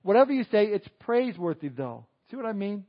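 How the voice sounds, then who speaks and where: A man's voice: high-pitched, sing-song, fairly quick, dull audio. A man preaching a conversational sermon, chuckling and adding asides to the congregation. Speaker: pastor.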